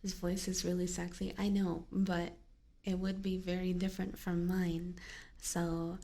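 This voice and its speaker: Giggly whispering woman, slow and gravelly. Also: lowish voice, level tone, dark tone. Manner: giggly, rambling with many fillers. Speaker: ASMR streamer. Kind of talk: soft-spoken, whispered ASMR stream chat. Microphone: binaural ear microphone.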